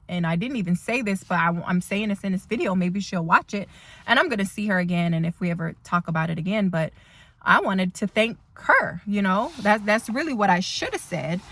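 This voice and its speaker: A woman's voice: mid-range voice, fairly bright tone. A woman instructor telling a heartfelt story in a rambling, emotional vlog from her car. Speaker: dental assisting instructor. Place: parked car.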